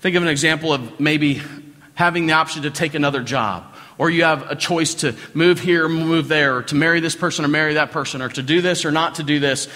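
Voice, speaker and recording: Bright-voiced Southern pastor preaching in a hall. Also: male voice, a little high, brisk. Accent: Southern American. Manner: conversational preaching, repeats phrases for emphasis, asks the congregation questions. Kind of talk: sermon. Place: church sanctuary. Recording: long hall reverb.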